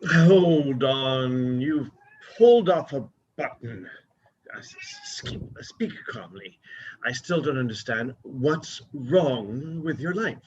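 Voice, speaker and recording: A man's voice: mid-range voice, lively intonation, slow pace, darkish tone, a little hiss or hum. A man reading the part of a skeptical male friend who chides and questions in a play reading. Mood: soothing. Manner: chiding, incredulous. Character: scolding, skeptical male friend, middle-aged. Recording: dull lo-fi audio.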